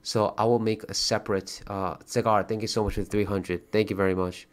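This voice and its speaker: A man chatting casually as a livestreamer, thanking viewers and donors, swearing freely and getting excited in bursts. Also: fairly low pitch, fairly quick, a little hiss or hum.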